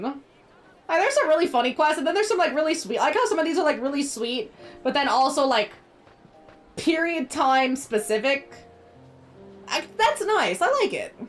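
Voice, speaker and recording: A woman streamer chatting playfully while she plays a game and reads its text aloud. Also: high voice. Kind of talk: casual gameplay commentary.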